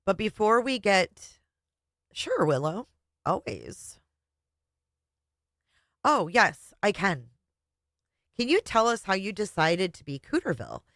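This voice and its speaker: A woman's voice: mid-range voice, big pitch swings, slow pace, long pauses, a bit bright, no echo, studio quality. A middle-aged woman hosting a live stream, reading chat comments and talking bluntly, with plenty of swearing. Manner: blunt and profane, chatty.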